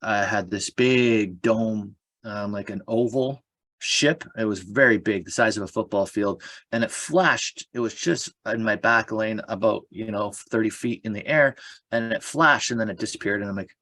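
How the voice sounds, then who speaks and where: A man with a fairly low voice tells a rambling personal story. He stumbles through fillers and restarts. The sound is close and dry, with no room echo. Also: normal speed, fairly bright tone. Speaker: guest. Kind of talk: casual storytelling chat.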